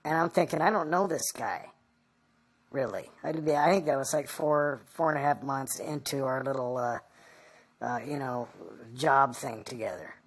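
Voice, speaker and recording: A woman being interviewed, recounting a personal story in a halting, rambling way. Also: very deep voice. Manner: halting and rambling, full of "you know".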